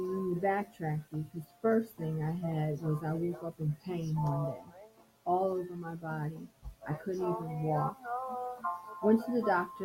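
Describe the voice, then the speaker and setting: Soft-spoken woman telling her story over music. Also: lowish voice, poor audio. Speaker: speaker sharing a personal story. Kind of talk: personal testimony talk. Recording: music playing clearly behind.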